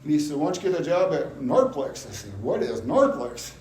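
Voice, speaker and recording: Slightly high and a little mellow, this Iowa man's voice swings widely in pitch as he briskly shares his testimony in a church hall. His folksy telling includes impressions of people he quotes, and the roomy space has a faint hum.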